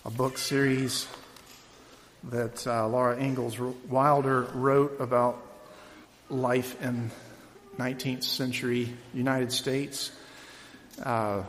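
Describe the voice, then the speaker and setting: A man preaching a sermon who reads a story aloud with lively, shouted calls, then talks plainly with fillers. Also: medium pitch, unhurried. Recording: long reverb of a large hall.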